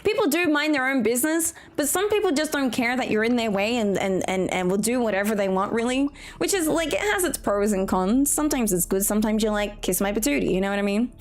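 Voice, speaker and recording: A woman's voice: on the high side, expressive, brisk, few pauses. A young Australian woman streaming a farming game, chatting casually with a giggly, rambling manner. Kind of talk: casual chat while gaming.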